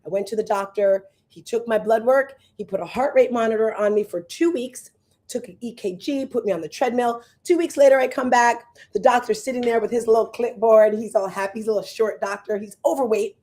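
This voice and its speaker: Woman in her fifties, fitness coach hosting, chatty, animated storyteller, fairly high voice. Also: fairly quick. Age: 50s. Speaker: fitness coach and show host. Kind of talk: casual chat to viewers.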